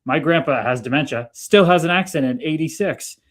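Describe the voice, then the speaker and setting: A man's voice: on the high side, a little fast. A man from Canada hosting a casual livestream, chatting easily and reading out viewer comments. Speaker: livestream host.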